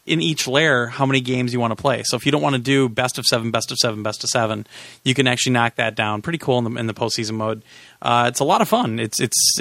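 A man's voice: medium pitch, a bit bright, no echo. A man hosting a podcast, giving a casual, rambling game review with sarcastic asides and many restarts. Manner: rambling, sarcastic, self-correcting. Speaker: podcast host.

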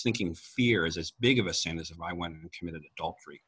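Deep husky-voiced man sharing a testimony. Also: fast. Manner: earnest storytelling with soft laughs. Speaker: Christian speaker. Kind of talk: conversational testimony.

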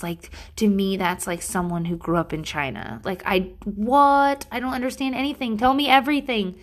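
A woman, a mother, talking casually to her audience in a rambling, profane, self-mocking way from a bathroom at home. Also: medium pitch. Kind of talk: casual solo monologue.

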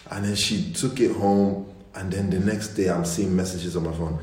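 A young man with a low, deep voice chats casually with his online church group as their pastor. He tells stories with energy and slips into the voices of the people in them. The sound is roomy and echoey. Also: moderate pace. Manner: animated storytelling with mimicked voices. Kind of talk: casual online livestream chat. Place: indoors at home. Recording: roomy echo.

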